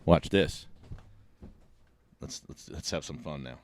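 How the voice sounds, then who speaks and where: A man's voice: a bass voice, slow, a little hiss or hum. A man hosting a podcast in casual chat, jokey and laughing as he talks in bursts. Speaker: podcast host.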